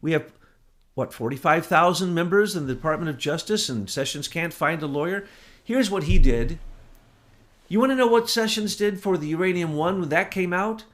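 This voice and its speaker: A man delivering heated political commentary, his voice sitting a little high for a man. He speaks with impassioned intensity and now and then breaks into loud, emphatic bursts before dropping back down. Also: lively intonation, normal speed. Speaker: co-host.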